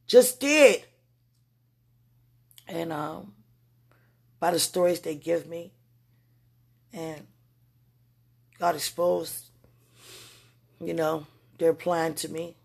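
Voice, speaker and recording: A freshly woken person gives a spontaneous spiritual message at home, speaking straight to God. The voice is husky and gravelly, with a rough edge. It leaps into excited outbursts, then sinks into soft murmuring. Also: mid-range voice, slow, long pauses. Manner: talks aloud to God, rambling and emotional; swings between excited bursts and quiet murmurs. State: just woken from sleep. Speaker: spiritual vlogger.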